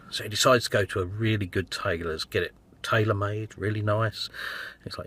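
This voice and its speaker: A man's voice: lowish voice, fairly quick, fairly bright tone, no echo. Rambling man telling a joke. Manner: rambling, self-interrupting, chuckling storyteller. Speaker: joke teller.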